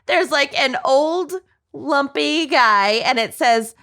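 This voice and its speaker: High, bright, excitable woman. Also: slow. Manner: excitable, exclamatory, swears freely. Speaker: podcast co-host. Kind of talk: casual chat.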